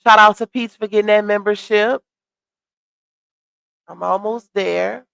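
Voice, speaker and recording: A woman hosting a casual livestream, reacting to gossip and shouting out viewers, her voice a little worn. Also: medium pitch, steady tone, unhurried, creaky, clear, resonant tone, no echo. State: voice slightly worn. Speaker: livestream host. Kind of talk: casual live-stream chat reading comments.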